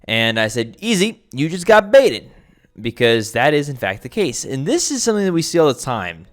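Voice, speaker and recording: A man's voice: mid-range voice, very animated, a little fast, a bit bright. A man giving casual commentary over his own gameplay, thinking aloud with many restarts and fillers. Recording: faint background music.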